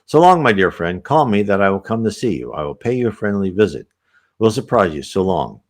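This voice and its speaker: A man's voice: on the low side, big pitch swings, brisk. A man reading aloud as the confused spirit of a newly dead man, bewildered and pleading. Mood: pained.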